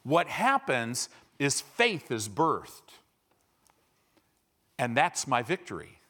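A man preaching a sermon as a pastor, swinging from loud declarations to hushed asides and acting out little conversations. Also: mid-range voice, slow pace. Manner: lively, swings from loud to hushed, acts out dialogues. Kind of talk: animated sermon.

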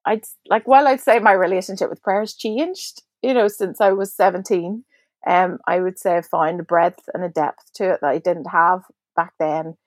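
A woman's voice: fairly low pitch, moderate pace, no room sound. A Northern Irish woman in her forties, a guest on a faith podcast, talking in a chatty, reflective way with many fillers and restarts. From Northern Ireland. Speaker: guest, prayer ministry leader.

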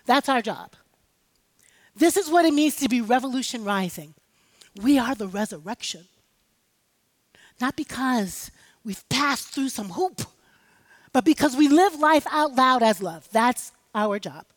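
A woman's voice: fairly high pitch, expressive, a little slow, pauses often. A woman preaching an impassioned sermon, rallying the congregation with call-and-response. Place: church sanctuary. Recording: live hall with long reverb.

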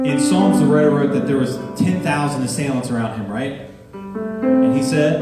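A man's voice: medium pitch, moderate pace. A man preaching a sermon as pastor, talking plainly with humor and building emphasis. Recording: echoey church hall from far off, with guitar.

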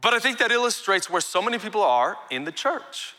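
A man preaching a live sermon as pastor in a church sanctuary, energetic and calling for amens from the congregation. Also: high-pitched, brisk, hardly any pauses.

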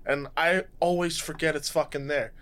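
A man's voice: on the high side, steady tone, normal speed, a bit bright. A man chatting casually on a podcast, swearing freely. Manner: casual and profane.

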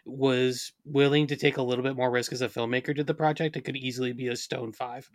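A man co-hosting a casual movie podcast, speaking earnestly and pausing with "uh" to find words. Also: mid-range voice, flat delivery, no room sound. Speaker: podcast co-host.

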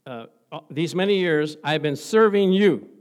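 A sulking older brother airs his grievances in a loud, resentful voice, as a preacher acts him out. The complaint is drawn out, with heavy stress on each grudge. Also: a little high, expressive, measured pace.

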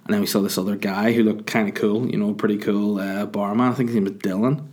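Low-voiced man telling a rambling story. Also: level tone, fast, darkish tone. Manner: rambling, jokey, self-mocking. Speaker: vlogger. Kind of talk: casual storytelling.

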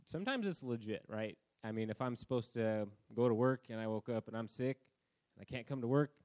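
A man's voice: mid-range voice, brisk, a little mellow. A man preaching a conversational sermon at a church service, telling anecdotes about himself. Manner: casual, self-deprecating, anecdotal. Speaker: pastor.

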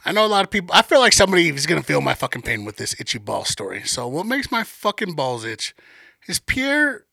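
A man's voice: fairly high pitch, big pitch swings, fast, gravelly, bright, forceful tone, dry recording, clean studio sound. A young man of Mexican heritage, co-hosting a podcast, telling a profane story in casual chat. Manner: profane, storytelling with acted quotes. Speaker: podcast co-host.

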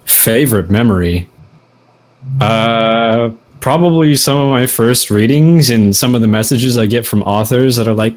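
A man's voice: medium pitch, measured pace, darkish tone. A man answering interview questions on a casual podcast, laid-back and self-deprecating, laughing often. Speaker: guest.

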